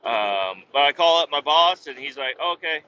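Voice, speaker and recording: A man with a very bright, sharp voice tells a rambling work story. He is blunt and swears a lot, stopping and restarting often. The recording sounds dull and lo-fi, with a faint hum of a vehicle behind him. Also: medium pitch, expressive, normal speed. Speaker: podcast host telling a work story. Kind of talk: casual storytelling monologue.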